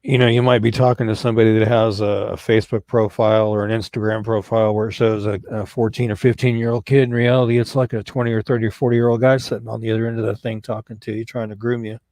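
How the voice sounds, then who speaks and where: A man's voice: fairly low pitch, level tone, fast talker, hardly any pauses, darkish tone, no room sound. A man co-hosting a live talk show on missing people, earnest and folksy, often repeating himself. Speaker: co-host of a missing persons show. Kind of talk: casual live-stream talk.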